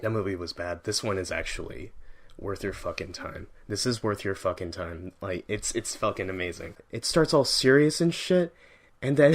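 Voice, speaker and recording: A man giving a casual first-reaction movie review, rambling, excitable and heavily profane, often restarting his sentences. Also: low-pitched, normal speed.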